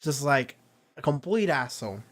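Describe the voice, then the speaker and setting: A man in the middle of a casual reaction discussion, his voice sitting at an ordinary mid pitch. He rambles, restarts his sentences and swears freely, and he acts out what the characters said in loose paraphrase. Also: big pitch swings, normal speed. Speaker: reaction channel host.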